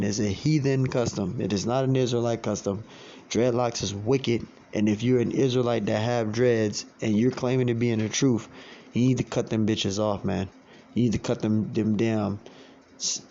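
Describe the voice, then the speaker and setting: A man teaching a religious lesson in a blunt, preachy way, cursing, repeating his points and reading quotes slowly. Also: fairly low pitch, darkish tone. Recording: dull lo-fi sound with faint noise.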